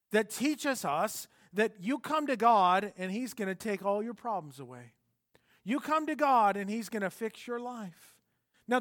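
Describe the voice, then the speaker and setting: A man preaching a sermon, earnest and conversational, with fillers and restarts, swinging between soft and emphatic. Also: sits high. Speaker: pastor.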